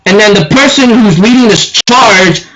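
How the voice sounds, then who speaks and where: A man recapping an anime episode for his channel, excitable and tripping over his words. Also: high voice, moderate pace, a crowd in the background, low-quality recording. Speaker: anime reviewer.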